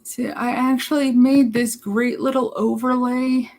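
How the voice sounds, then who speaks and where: A woman's voice: on the high side, flat delivery, measured pace, darkish tone, low-quality recording. A woman live streaming, rambling casually to her chat in a blunt, profane way. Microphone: laptop mic.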